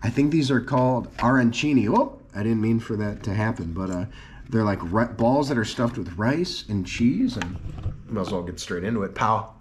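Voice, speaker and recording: A man hosting a travel vlog, narrating a food tasting and reacting with loud, excited exclamations. His voice sits fairly low, with a faint hiss of background noise behind him. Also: moderate pace. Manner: excited, exclaiming over each dish. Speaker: travel vlogger.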